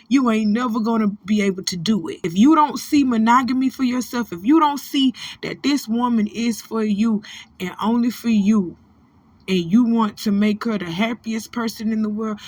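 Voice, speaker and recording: A woman's voice: fairly high pitch, dry recording. A woman in her thirties hosting a celebrity gossip channel, scolding famous people directly in a preachy, profane, no-nonsense way. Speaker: host of a gossip commentary channel. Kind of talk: blunt celebrity gossip commentary.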